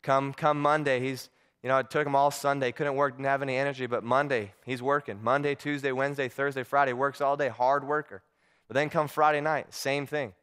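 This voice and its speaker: A man's voice: medium pitch, little pitch movement, fairly quick, a bit bright, clear, resonant tone. A male preacher telling a story in a sermon, earnest, often repeating words as he goes.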